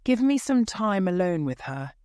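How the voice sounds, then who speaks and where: A woman reading a storybook, voicing a proud, jealous young nobleman who shouts and accuses. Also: mid-range voice, sing-song, normal speed, clear, resonant tone, no room sound, clean studio sound, pitched above the performer's own voice, close to an everyday voice. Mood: commanding.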